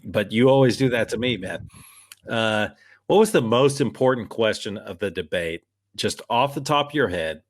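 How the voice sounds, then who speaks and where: A man co-hosting a political podcast, talking in a worked-up, emphatic and rambling way. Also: fairly low pitch. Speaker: podcast co-host. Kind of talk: casual political podcast chat.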